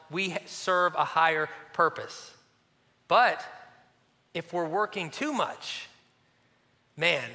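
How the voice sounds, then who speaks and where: A man delivering a sermon with a high, ringing voice. He tells stories with animation, then sinks into a soft hush. A long hall reverb hangs after each phrase. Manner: animated storytelling with sudden drops to a soft near-hush. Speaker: pastor.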